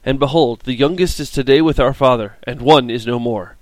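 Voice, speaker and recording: A man reading the earnest, pleading words of anxious brothers, in a slow, dry reading. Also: medium pitch, no echo, lightly acted. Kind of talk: scripted scripture reading.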